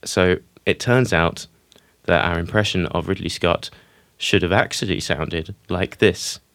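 Wry low-voiced male podcast host. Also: a little slow, a bit bright, dry recording, clean studio sound. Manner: wry, mock-serious delivery. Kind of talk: casual podcast hosting.

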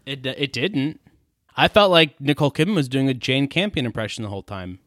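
A man's voice: mid-range voice, expressive, a little fast, fairly bright tone, dry recording. Guy podcasting, wry asides, dry close sound. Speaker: podcast co-host. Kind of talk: casual critical chat.

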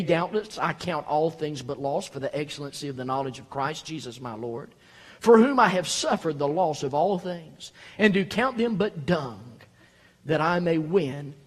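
Man preaching in a hall, high bright voice, husky edge, swings from hushed reading to loud exhortation. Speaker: pastor. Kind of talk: sermon. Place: church sanctuary. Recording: echoey hall.

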